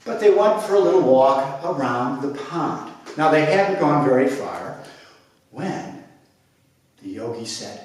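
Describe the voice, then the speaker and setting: A man telling a children's story with playful, expressive narration and sound effects. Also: medium pitch, a little slow. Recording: echoey room, mic at a distance.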